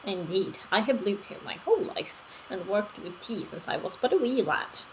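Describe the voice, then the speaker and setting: A woman's voice: medium pitch, animated, normal speed, slight background noise, natural voice, rough recording. Woman reading as a proud village tea merchant. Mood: earnest. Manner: formal, old-fashioned storybook phrasing.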